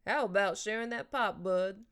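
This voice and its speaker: A woman's voice: mid-range voice, normal speed, close to an everyday voice. A woman voicing a kindly, teasing older man and grandfather who jokes in a dry, storytelling way.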